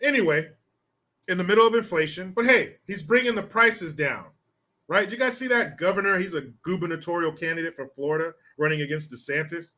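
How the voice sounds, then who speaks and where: Man, American, high voice, sharp bright tone, sarcastic profane political rant, combative host. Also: fairly quick. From United States. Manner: reads viewer comments aloud. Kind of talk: ranting political commentary.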